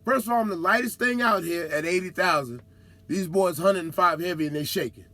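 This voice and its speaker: Male trucker vlogger, high voice, lively slang-heavy storyteller who acts out the people he meets. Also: brisk, dry recording. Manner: animated, slangy, acts out other drivers with whoops. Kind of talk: casual storytelling monologue.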